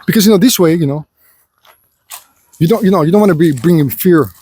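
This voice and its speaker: A man's voice: on the high side, a little fast, dark tone, breathy edge. A man speaking in an unscripted personal monologue, rambling and full of filler phrases as he lectures the listener and calls him "son". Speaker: vlogger.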